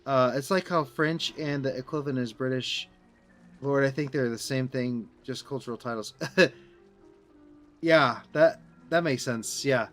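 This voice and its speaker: This is a Midwestern American man talking casually on a live gaming stream, wandering from thought to thought and often restarting his sentences. His pitch sits in a middle range for a man. Faint game music plays underneath him. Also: a little slow. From Southern Illinois, USA. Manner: rambling, answers chat, restarts sentences often.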